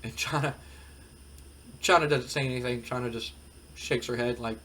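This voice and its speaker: A man's voice: mid-range voice, fairly even intonation, moderate pace, bright, forceful tone, a little hiss or hum. A man hosting a let's-play, casually recapping what happens and slipping into quoted dialogue as he retells it. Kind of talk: casual game commentary.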